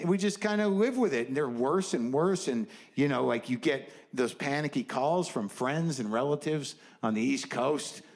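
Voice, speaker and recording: A man performing a stand-up routine on stage, rambling with sardonic asides and a ranting delivery. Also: a little high. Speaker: stand-up comedian. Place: comedy stage before a live audience. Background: faint audience laughter and ambience.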